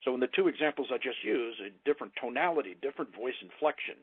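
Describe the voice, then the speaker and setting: A sales trainer coaches people on sales calls in an instructional talk, his lively voice rising and falling emphatically to stress key words. His voice is medium-pitched, slightly husky and quick, coming through a tinny, phone-like line with no room echo.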